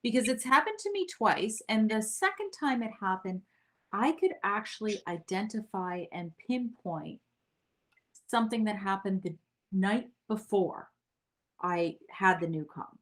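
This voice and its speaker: A woman's voice: medium pitch, expressive, unhurried. A woman hosting a podcast, talking in a personal, chatty way and laughing easily. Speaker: podcast host. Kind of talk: casual interview chat.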